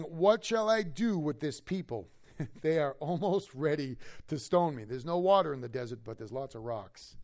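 A man with a high voice preaches to his congregation in church. He talks to the room conversationally, keeps checking that his listeners follow, and swings from loud, emphatic bursts down to low, hushed asides. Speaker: pastor. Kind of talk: expository sermon.

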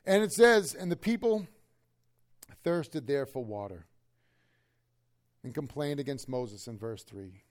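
A pastor preaching an expository sermon to his congregation in church, talking conversationally and swinging between loud, emphatic lines and hushed asides. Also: medium pitch, animated, takes it slowly, long pauses. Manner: conversational, keeps checking in with the listeners.

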